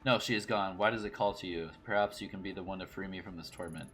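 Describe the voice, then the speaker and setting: A man's voice: deep voice, fairly even intonation, quick pace, fairly bright tone. A man voicing a suspicious, haunted old grandmother in a game, speaking curtly and defensively. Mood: weary. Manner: curt and defensive, turning weary. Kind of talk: reading game dialogue aloud.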